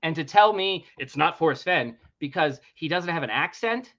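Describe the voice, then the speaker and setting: On lo-fi audio, a man hosting a podcast rants with heat and emphasis, cursing freely and laughing in disbelief as he airs his opinions. His high-pitched voice sounds pushed and bright.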